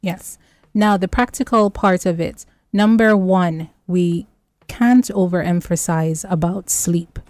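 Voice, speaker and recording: A woman speaking as a nutrition expert on a radio health show, explaining slowly and listing her points by number. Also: fairly low pitch, darkish tone, dry recording.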